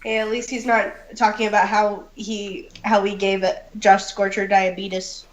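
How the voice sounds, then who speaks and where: A woman on a podcast with a teasing manner, quick to protest. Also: mid-range voice, flat delivery. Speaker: podcast co-host. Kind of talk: casual podcast chat. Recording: echoey, distant, noisy mic.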